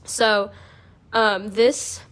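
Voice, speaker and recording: A woman's voice: mid-range voice, steady tone, drawn-out words, a bit bright. A young woman hosting a podcast, explaining in a rambling, casual way full of "like". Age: young adult. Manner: rambling, peppered with 'like'. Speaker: podcast host. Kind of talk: casual chat.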